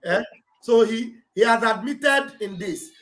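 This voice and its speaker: A man's voice: very high voice, a little slow, a bit bright, poor audio. Nigerian male host; casual, scornful chat. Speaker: livestream host.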